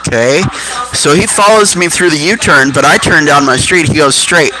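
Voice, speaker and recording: A man's voice: on the high side, expressive, normal speed, low-quality recording. Rambling thirties man telling stories. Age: 30s. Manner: digressive, loses his thread mid-story. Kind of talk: rambling personal storytelling.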